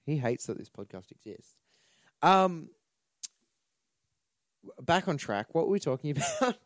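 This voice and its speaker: A man's voice: on the high side, sing-song, measured pace, no room sound. A man co-hosting a podcast in casual chat, joking and swearing as he rambles about movies. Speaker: podcast co-host.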